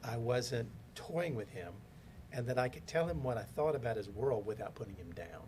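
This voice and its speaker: A man's voice: mid-range voice, normal speed, slight background noise. A man telling business stories in a casual podcast interview, acting out the people he quotes. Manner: animated storyteller acting out quoted voices. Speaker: podcast guest, business consultant.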